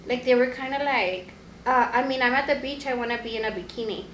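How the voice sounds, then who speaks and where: A woman's voice: a little high, fast talker, roomy sound, a little hiss or hum, poor audio. A young woman hosting a casual podcast chat, telling a travel story with a lot of laughter. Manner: chatty storyteller, laughs often. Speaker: podcast co-host.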